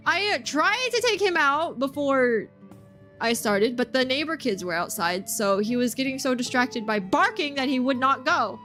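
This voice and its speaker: Bubbly high-voiced woman streamer. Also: expressive, moderate pace, fairly bright tone. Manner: chatty and bubbly, laughs often. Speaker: game streamer. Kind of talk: casual chat with stream viewers. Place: home streaming setup. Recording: faint background music.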